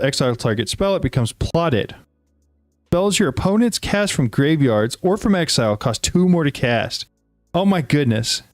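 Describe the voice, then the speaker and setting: A man hosting a casual card-opening video, chatting excitedly to viewers and reading card text aloud. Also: fairly high pitch, no room sound, studio quality.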